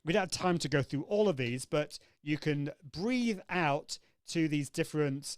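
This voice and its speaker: A man's voice: a little high, lively intonation, measured pace, few pauses, no echo, clean studio sound. A man hosting a live online coaching session, upbeat and demonstrative, acting out vocal exercises as he explains them. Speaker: host.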